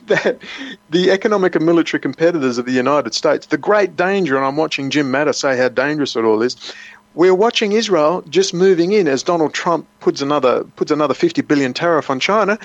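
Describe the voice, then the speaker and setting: Man, talk show guest, intense, rambling, slightly high voice, dry muffled lo-fi sound. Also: dry recording. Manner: intense, rambling, repeats words. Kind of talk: political talk show interview.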